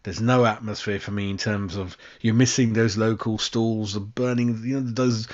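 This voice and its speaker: London bloke ranting on a fan stream, swears a lot, says mate every line, kinda muffled lo-fi sound. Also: male voice, fairly low pitch, fairly even intonation, moderate pace, a little mellow. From West London. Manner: sweary, exasperated, keeps saying "mate". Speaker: fan channel host. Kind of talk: casual live-stream rant.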